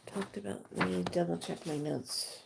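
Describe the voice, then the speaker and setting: A woman's voice: on the low side, moderate pace, vocal fry, noisy background. A middle-aged woman, a spiritual teacher, telling rambling, chatty stories to her followers with fillers and acted-out quotes. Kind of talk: casual storytelling to followers.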